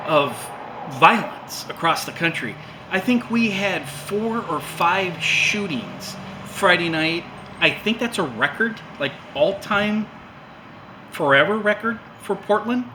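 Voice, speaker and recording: A rambling, lecturing man talking off the cuff, his voice sitting fairly high for a man. He swears freely and circles back on himself, over a steady noisy hiss in the recording. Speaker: host. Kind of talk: casual monologue.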